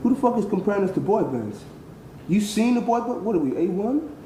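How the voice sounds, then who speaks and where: A man's voice: high-pitched, very animated, mellow, roomy sound, slight background noise, voice pushed up, poor audio. A man voicing a dim, touchy young male cartoon singer on a phone interview, brash and swearing. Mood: indignant. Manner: brash, swearing, quick to take offence.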